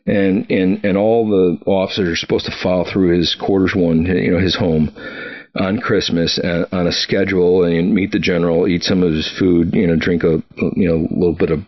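A man's voice: deep voice, steady tone, moderate pace, lo-fi sound. A middle-aged man casually telling stories from his military career, rambling with many fillers and restarts and chuckling now and then. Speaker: podcast guest recounting military career. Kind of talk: casual storytelling.

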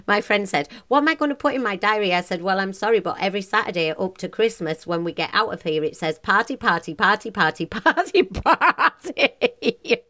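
A woman's voice: mid-range voice, fairly bright tone. A woman in her forties hosting a motivational podcast, talking in a bubbly, passionate way and laughing often. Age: 40s. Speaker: podcast host. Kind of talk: upbeat motivational podcast monologue.

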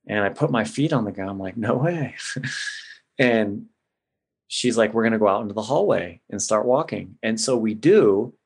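Gravelly low-voiced guy on a podcast, talking about his past, says man and bro a lot. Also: lively intonation, normal speed. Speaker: podcast guest. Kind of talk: personal storytelling.

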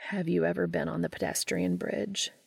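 Tender professor, male, hushed, low and gravelly, read by a woman in her own voice. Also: fairly even intonation, moderate pace, dry recording, clean studio sound, exaggerated voice. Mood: gentle. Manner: soft, often whispered.

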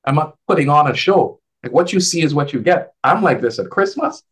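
A man talking casually as a guest on a video call, an advisor who tells animated stories and acts out the dialogue in a lifted voice. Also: fairly high pitch, fairly quick, slightly rough. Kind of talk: casual conversational storytelling.

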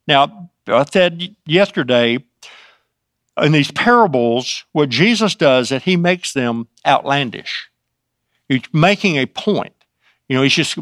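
A man's voice: on the high side, lively intonation, measured pace, fairly bright tone, no room sound, clean studio sound. A man teaching from the Bible in an informal way. He adds his own asides as he retells scripture.

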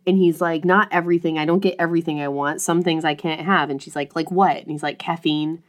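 A woman with a somewhat low voice chats casually, recapping a story with lots of energy. She slips into quick character voices for the lines she quotes and laughs partway through her sentences. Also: fairly even intonation. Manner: laughs often mid-sentence.

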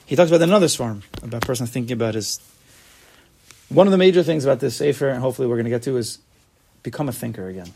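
A man teaching a casual Torah class, animated, acting out little dialogues and asking rhetorical questions. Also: medium pitch, very fast, creaky, breathy edge.

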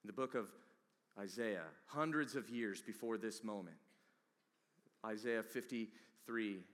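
A man preaching a sermon with dramatic swings from hushed, whispered passages to loud, emphatic peaks. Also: lowish voice, a little slow. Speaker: pastor. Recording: long hall reverb.

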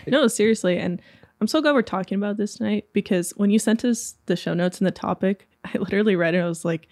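Candid, laughing woman on a podcast, gravelly creaky voice, dry mic. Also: medium pitch, quick pace, darkish tone, dry recording. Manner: candid, laughing, self-mocking. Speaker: podcast co-host. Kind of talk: faith podcast discussion.

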